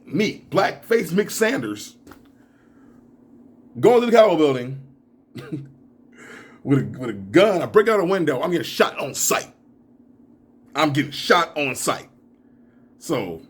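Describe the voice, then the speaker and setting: A young man with a slightly husky voice talks straight to camera in a reaction video. He rants with lively swings in pitch, breaks into laughs, and then drops low into muttered asides. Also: moderate pace, pauses often. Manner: animated, laughing, ranting, drops into mumbles. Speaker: YouTuber.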